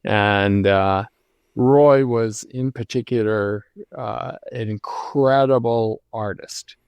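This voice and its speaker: A man in his seventies, a guest in an interview, telling stories from his career in a reflective, unhurried way with many pauses and restarts. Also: on the low side, fairly even intonation, creaky, smooth, dry recording. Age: 70s. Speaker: lighting designer guest. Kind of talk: conversational interview storytelling.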